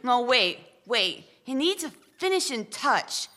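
A woman's voice: a little high, sing-song, slow, pushed and bright, heavily acted. A woman playing a goofy woman building a snowman, rambling and laughing at her own jokes in a comic radio sketch. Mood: playful.

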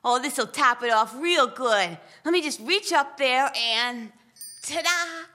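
A woman's voice: high voice, lively intonation, slow, pushed and bright, heavily acted. A woman playing a goofy woman building a snowman, rambling and laughing at her own jokes in a comic radio sketch. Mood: playful.

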